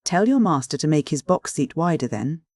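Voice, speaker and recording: A narrator voicing a loud, pompous middle-aged male philanthropist who talks in a booming, ferocious manner, in a storybook reading. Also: big pitch swings, normal speed, no echo, studio quality. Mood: blustering.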